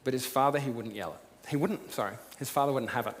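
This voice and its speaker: A pastor giving a sermon as casual storytelling, swinging from loud to hushed. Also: male voice, medium pitch, quick pace, a little hiss or hum. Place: church auditorium. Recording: long hall reverb.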